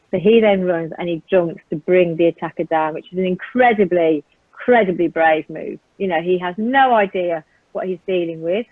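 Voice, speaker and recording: A woman's voice: fairly low pitch, dry recording. A woman with a British accent giving earnest, vivid personal testimony in a conversation, retelling events in the present tense with frequent ums. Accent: British English. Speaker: guest recounting a violent attack. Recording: tinny phone line, dry.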